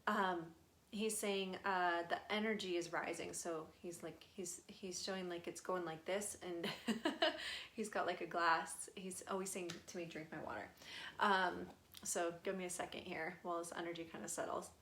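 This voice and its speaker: A young woman medium talks through a live channeling session in a slightly low voice. Her speech is casual and rambling, dotted with fillers and small laughs as she passes along messages. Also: steady tone, normal speed, a bit bright. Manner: relays messages in a chatty, giggly way with many fillers. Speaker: spirit medium.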